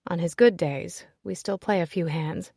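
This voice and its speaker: A woman's voice: fairly low pitch, normal speed, vocal fry, warm tone, husky, no room sound. Woman narrating a romance audiobook, dry close mic.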